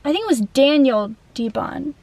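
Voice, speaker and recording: High-voiced chatty young woman. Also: animated, moderate pace, gravelly, darkish tone, dry recording. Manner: chatty, swears freely, lots of "like". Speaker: vlogger. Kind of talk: casual chat.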